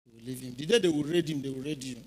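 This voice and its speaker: A man's voice: mid-range voice, racing, slightly rough, low-quality recording. A middle-aged Nigerian man, a former police officer, telling stories to a youth audience and often checking that they are following. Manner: animated storytelling, keeps checking in with listeners. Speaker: retired police officer speaking at a youth event. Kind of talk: informal speech to a youth audience. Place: church hall.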